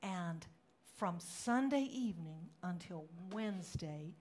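Woman pastor, sermon, dramatic acted quotes, chatty storytelling. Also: moderate pace. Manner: dramatic, acts out quotes with rising pitch and volume; conversational storytelling with fillers.

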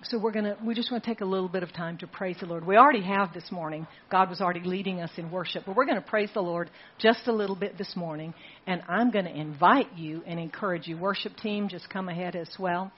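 A woman pastor preaching a sermon in a church, emphatic, with repeated phrases and slow, dramatic stresses. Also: fairly low pitch, husky, highs cut off. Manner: emphatic, rhetorical repetition with dramatic slowdowns. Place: church sanctuary.

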